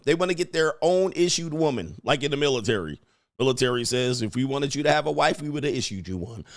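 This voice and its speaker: A man's voice: medium pitch, dry recording, clean studio sound. A man hosting a live stream as a dating coach, rambling crudely, reading viewer questions and putting on mock voices.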